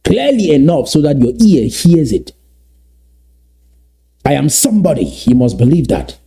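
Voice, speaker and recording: A man from Southern Cameroons, giving an emphatic motivational address that repeats and slowly stresses key phrases. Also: medium pitch, big pitch swings, warm tone, slightly rough. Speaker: activist speaker.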